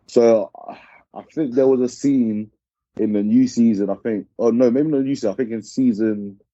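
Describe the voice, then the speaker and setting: South london bloke on a podcast, low dark voice, kinda muffled dry mic. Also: male voice, dry recording. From South London, England. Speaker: podcast guest, listener. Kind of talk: casual chat.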